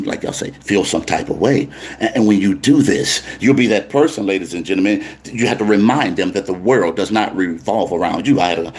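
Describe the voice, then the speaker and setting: A man preaching to a congregation, animated and calling out to his listeners. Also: on the low side. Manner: animated, call-and-response preaching. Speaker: pastor.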